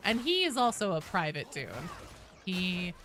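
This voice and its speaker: A woman's voice: lowish voice, very animated, a little slow, a bit bright. A woman in her thirties chatting casually with her stream viewers, rambling with lots of restarts and fillers. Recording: clear background noise.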